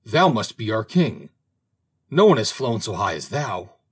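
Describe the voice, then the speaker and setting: A man's voice: lowish voice, very animated, measured pace, husky, heavily acted. A man voicing a flock of birds who sound indignant and accusing. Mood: pleading. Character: crowd of indignant birds, angry.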